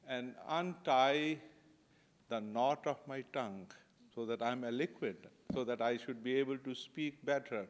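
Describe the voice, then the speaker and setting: A man at a symposium reciting a prayer and translating it in a measured, deliberate way. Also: mid-range voice, big-room sound. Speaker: symposium speaker.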